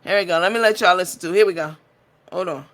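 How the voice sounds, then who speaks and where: A woman's voice: lowish voice, rapid-fire, a bit bright. A woman hosting a commentary stream in a blunt, profane, sassy manner. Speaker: host. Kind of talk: commentary vlog.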